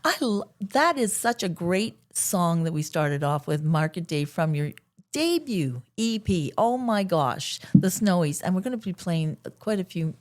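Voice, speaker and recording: A woman's voice: on the low side, very animated, measured pace, a little mellow. A middle-aged woman hosting an interview show, gushing and chatty as she introduces her guest. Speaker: show host. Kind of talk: enthusiastic interview host. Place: Toronto.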